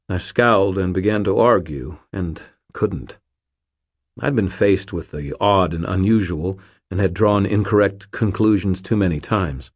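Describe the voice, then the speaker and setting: A man narrates an audiobook, reading a first-person story in a wry, terse, hard-boiled style. His deep voice keeps a measured pace, and the studio recording is clean with no room sound.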